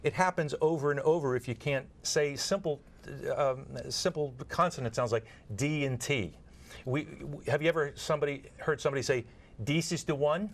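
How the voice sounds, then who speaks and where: A man's voice: a little high, brisk. A man being interviewed as an expert guest, explaining earnestly through examples and often repeating words as he restarts. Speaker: guest expert on nurse communication training.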